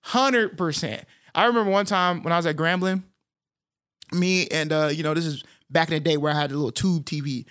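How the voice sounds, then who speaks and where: A man's voice: fairly high pitch, steady tone, fast talker, fairly bright tone, clean tone. Playful man with a slight R lisp. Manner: playful, jokey, chatty. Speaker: podcast co-host. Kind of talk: casual chat.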